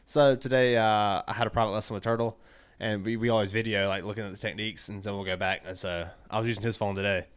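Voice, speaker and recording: Animated storyteller man. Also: fast talker, clean tone. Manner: animated storyteller, acts out quoted people in loud high bursts, swears freely. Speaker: podcast co-host. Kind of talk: casual storytelling chat.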